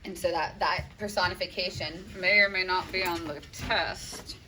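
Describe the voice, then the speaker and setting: A woman's voice: lowish voice, fairly even intonation, normal speed, recorded from a distance, noisy background. A woman teacher explaining a play in a casual, chatty way. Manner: chatty, lots of "right?" and "like".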